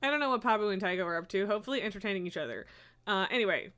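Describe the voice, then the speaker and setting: Bright, animated woman streamer. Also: mid-range voice, very fast. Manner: coos and scolds pets in baby talk. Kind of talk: casual livestream chat.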